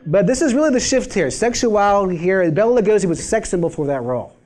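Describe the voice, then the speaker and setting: A man giving a public university lecture in an animated, wry, conversational way. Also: high voice, quick pace, few pauses.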